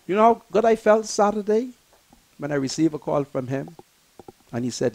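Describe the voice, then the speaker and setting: An older man, hosting a talk show in an impassioned, emphatic monologue that swings between loud and soft. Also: on the high side, lively intonation, moderate pace, creaky, low-quality recording.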